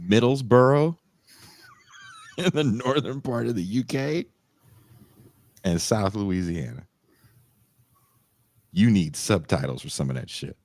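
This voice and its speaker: A deep-voiced man co-hosts a casual podcast, his pitch leaping around as he tells stories and mimics people. The sound is dry and close, with no room around it. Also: no echo. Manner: animated storytelling, mocking voices and laughing. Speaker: podcast co-host. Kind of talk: casual chat.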